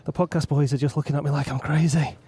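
A man hosting a podcast, chatting casually and giving excited, breathless commentary while climbing through gardens outdoors. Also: a little high, quick pace, slightly rough. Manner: excitable, chatty, swears freely. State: out of breath at times. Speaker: podcast host. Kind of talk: casual chat and roving live commentary. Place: outdoors among gardens beside a road race.

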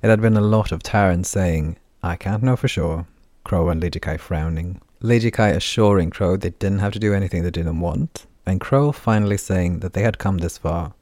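Male audiobook narrator, deep, dry close read, steady pacing. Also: moderate pace, hardly any pauses, no echo. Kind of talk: audiobook narration of a fantasy novel.

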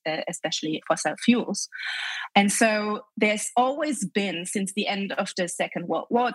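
A woman from Germany with a German accent, calmly explaining economics as an interview guest in measured, structured answers. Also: medium pitch, no room sound, poor audio.

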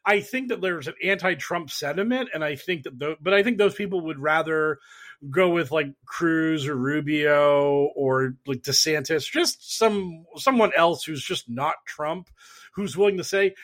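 A man talking politics on a panel, animated and mocking, often putting on sarcastic voices and swearing. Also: on the high side, normal speed. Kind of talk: casual political discussion.

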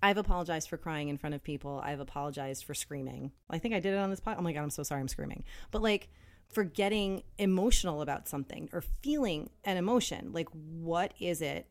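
A woman's voice: low voice, lively intonation, brisk. A woman co-hosting a podcast in casual chat, telling stories and acting out the people she quotes. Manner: chatty storyteller, acts out quoted voices. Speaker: podcast co-host.

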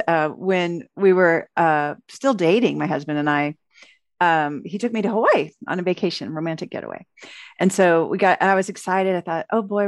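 A middle-aged woman, a relationship author, giving an interview and telling lively stories in which she acts out her own lines. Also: on the low side, dry recording, studio quality. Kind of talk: conversational interview storytelling.

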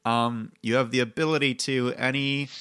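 A man's voice: mid-range voice, fairly even intonation, moderate pace, pushed and bright, clean tone, no echo, studio quality. A man hosting a tabletop game podcast, explaining rules in a rambling, self-correcting way. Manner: affects an odd mixed accent in his intro. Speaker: podcast host and game master. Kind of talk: casual podcast chat.

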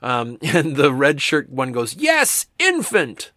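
A man's voice: medium pitch, fairly even intonation, a little slow, fairly bright tone, no echo, clean studio sound. A man giving a reflective talk, reading comic captions aloud in a musing, amused way. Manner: musing, amused, with restarts and chuckles. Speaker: speaker discussing comics.

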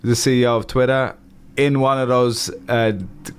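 A man's voice: mid-range voice, level tone, normal speed, clean tone. Upbeat London man hosting. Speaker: podcast host. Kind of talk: casual chat.

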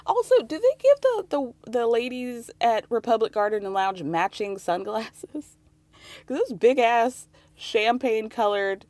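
A woman's voice: mid-range voice, a little mellow, no echo. Chatty sarcastic woman recapping TV. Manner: chatty and sarcastic, laughs often, drifts in and out of quoting. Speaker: podcast host. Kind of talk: casual recap commentary.

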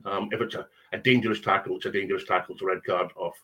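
Guest, careful and hesitant, lowish voice. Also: male voice, steady tone, sharp tone, slight background noise. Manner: measured, hesitant with many ums. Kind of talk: podcast discussion.

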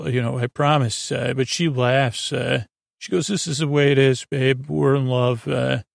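A man recaps an episode in a slow, meandering ramble, padding it with fillers. His voice is gravelly and stays nearly monotone, recorded close and dry. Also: mid-range voice, no room sound. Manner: meandering, full of fillers and loose paraphrase. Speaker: podcast host.

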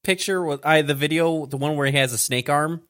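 A man's voice: fairly high pitch, fairly quick, fairly bright tone. A man co-hosting a casual comedy podcast, chiming in with short, dry jokes. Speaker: podcast co-host.

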